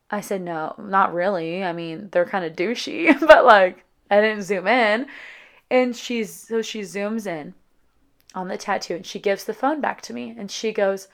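A woman's voice: mid-range voice, measured pace, creaky. A young woman vlogger casually telling a dating story to her viewers, chatty and dramatic, with lots of "like" and quoted voices.

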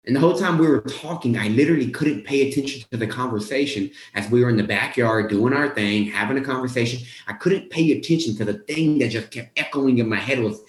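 A young man talks straight to his viewers about his own turnaround, casual and lively, slipping into the voices of his past self. His voice sits in a middle range. A roomy echo hangs around it. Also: medium pitch, fast, hardly any pauses. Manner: animated, casual, acts out his own quotes. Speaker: weight-loss coach. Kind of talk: motivational storytelling to viewers.

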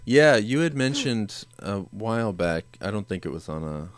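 Deep-voiced guy on a podcast, chill, swears a lot, laughs a bunch. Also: sing-song, normal speed, no room sound. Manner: laid-back, swears freely, laughs often. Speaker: podcast co-host. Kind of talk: casual chat about movies.

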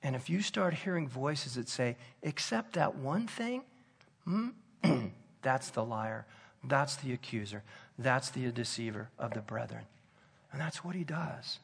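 A man preaching a sermon, telling a personal story in an earnest, conversational way that drops to soft intensity. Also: medium pitch, animated, unhurried, vocal fry, husky.

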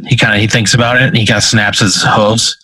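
Husky-voiced man running a role-play. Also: lowish voice, flat delivery, fast talker, bright, forceful tone, no room sound, rough recording. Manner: casual, profane, rambling. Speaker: game master. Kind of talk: narrating a tabletop role-play.

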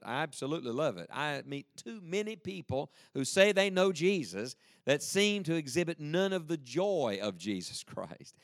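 Lively preaching man, dry close sound. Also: a little high, no room sound. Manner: lively, emphatic, joking asides; leads the congregation in reading aloud. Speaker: pastor. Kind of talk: sermon.

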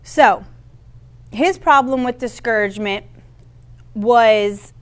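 A woman's voice: fairly high pitch, takes it slowly. Woman preaching and reading scripture. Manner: reads scripture aloud, stumbles on names, casual asides. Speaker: Bible teacher. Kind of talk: sermon with Bible reading.

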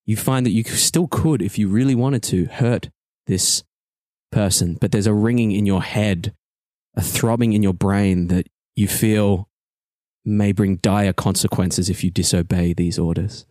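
Low-voiced guy running a tabletop game, laughs a lot, very dry audio. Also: unhurried, no room sound. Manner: lively, laughs often. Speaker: game master.

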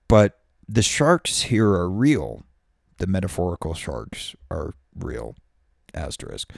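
This podcast host rambles alone on a studio microphone, profane and self-mocking, stretching out crude metaphors. His voice sits low, gravelly and darkish, captured in a clean, dry studio recording.

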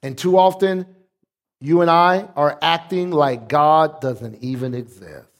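A man's voice: on the high side, unhurried. A man pastor preaching a sermon, emphatic, leading the congregation in call-and-response.

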